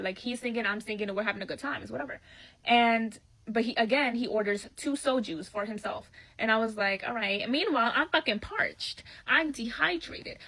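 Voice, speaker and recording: Woman ranting about a bad date, bright highish voice, cusses a lot. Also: low-quality recording. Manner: blunt, profane, animated retelling. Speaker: storyteller.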